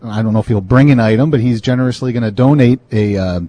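A man's voice: mid-range voice, fast talker, dark tone. A man hosting a casual radio chat, upbeat as he announces show details. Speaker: show host.

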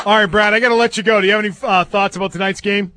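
A man hosting a sports radio show, playful and quick to laugh. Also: high-pitched, fairly even intonation, background noise. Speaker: radio host.

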